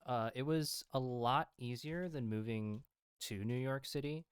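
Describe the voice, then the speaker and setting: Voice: medium pitch, unhurried, clean tone, no room sound. A laid-back game master chatting casually on a voice call, swearing when things go wrong. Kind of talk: casual chat over voice call.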